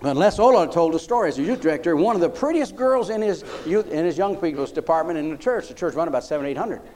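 A man preaching a sermon in a folksy, animated manner. His voice sits high for a man and swings widely in pitch. He keeps checking in with the congregation. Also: fast talker.

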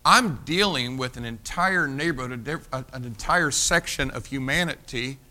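Bright-voiced preaching man. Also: mid-range voice, moderate pace. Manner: folksy, repeats words, swings from loud emphasis to hushed. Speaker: pastor. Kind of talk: sermon storytelling.

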